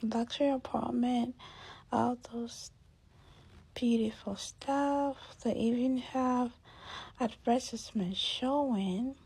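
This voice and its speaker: Slow, husky woman host reacting to clips, indignant. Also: fairly high pitch, steady tone, a little mellow. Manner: indignant, drawn-out, drops to near-whispers. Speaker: commentary host. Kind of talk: casual reaction commentary.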